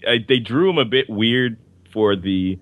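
A man's voice: lowish voice, lively intonation, measured pace, a bit bright, dry recording. A man co-hosting a podcast in casual chat, rambling with fillers and restarts as he reviews comics and films. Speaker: podcast co-host.

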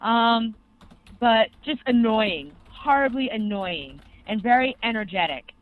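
This young adult co-host speaks in an unhurried, mid-range voice while gushing through a rambling anime recap full of fillers. It's a casual podcast conversation, and the audio sounds thin and phone-like.

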